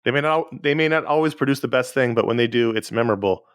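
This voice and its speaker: A man's voice: mid-range voice, fast, clean tone, no echo, studio quality. A man co-hosting a podcast in a casual, chatty way, running through announcements and listener emails. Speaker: podcast co-host.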